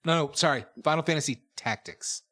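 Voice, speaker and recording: A man's voice: a little high, sharp tone. A man co-hosting a casual podcast, joking around and buzzing in with guesses. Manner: joking, quick to buzz in and laugh. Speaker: podcast co-host and game player.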